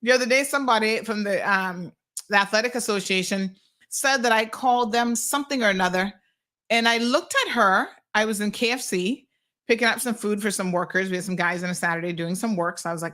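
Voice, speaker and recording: A woman's voice: medium pitch, brisk, fairly bright tone. Caymanian lady hosting a talk show, chatty, kinda exasperated, rambles on. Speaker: talk show host reading listener comments. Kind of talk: casual call-in show chat.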